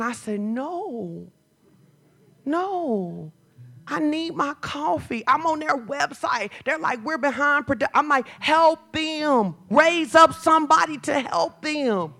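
A woman pastor preaching a sermon, moving from chatty storytelling to loud, fervent declarations. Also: high-pitched.

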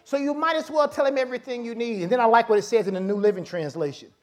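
High-voiced preacher man, fervent. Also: quick pace. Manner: leads the congregation in repeat-after-me lines; rises from calm teaching to shouted fervor. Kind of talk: Pentecostal-style preaching with call-and-response. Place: church service.

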